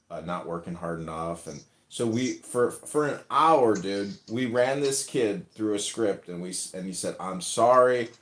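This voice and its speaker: Low-voiced guy hosting a chat, rambling and swearing, roomy echo. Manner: rambling, profane, acts out quotes. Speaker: podcast host. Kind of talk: casual chat, storytelling.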